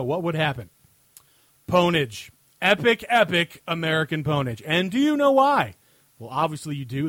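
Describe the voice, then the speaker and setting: A man's voice: on the high side, fairly bright tone, dry recording. Man reading a mocking comic rant. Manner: mocking, over-the-top delivery, chuckling at his own jokes. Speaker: podcast host. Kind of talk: reading comic answers to listener questions. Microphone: own desk microphone.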